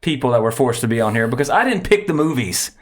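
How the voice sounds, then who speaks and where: A man's voice: mid-range voice, big pitch swings, fast. A man hosting a casual podcast, rambling and correcting himself as he sets up a segment. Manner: rambling, self-correcting, chuckles often. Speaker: podcast host.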